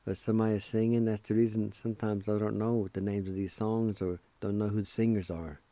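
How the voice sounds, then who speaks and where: A man hosting a radio language lesson, spelling out letters one at a time and repeating each word slowly and deliberately. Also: fairly low pitch, level tone, dark tone, dry recording. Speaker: radio language teacher and host.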